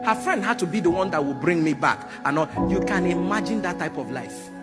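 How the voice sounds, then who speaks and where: Animated high-voiced preacher over music. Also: male voice, fairly quick. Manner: animated, loud bursts, sound effects. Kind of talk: sermon storytelling. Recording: music behind voice.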